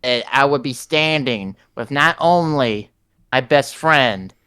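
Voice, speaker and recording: A proud, sentimental veteran wrestler speaks earnestly to the crowd after a title win in a tabletop role-play, voiced in his own manner by a man. The voice is smooth and clear, at a middle pitch. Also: slow pace, sharp tone. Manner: earnest in-character promo speech.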